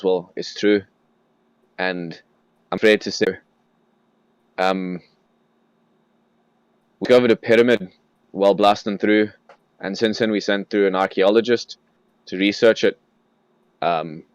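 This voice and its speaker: A low-pitched man runs a tabletop game as game master, narrating the scene and slipping into gruff character lines. His voice is recorded close and dry, with no room sound. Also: dry recording.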